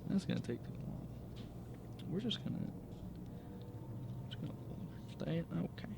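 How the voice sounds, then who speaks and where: A man's voice: fairly high pitch, big pitch swings, unhurried, creaky, very noisy. A man playing a solo tabletop game, reading the adventure aloud and often stopping to correct his own slips. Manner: self-correcting, stumbles and rereads words.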